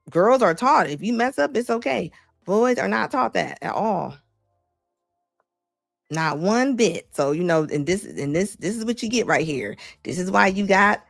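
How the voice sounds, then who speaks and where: A woman's voice: mid-range voice, vocal fry, no echo, studio quality. A woman host doing casual livestream commentary, chatty and slangy, laughing as she gives her opinions.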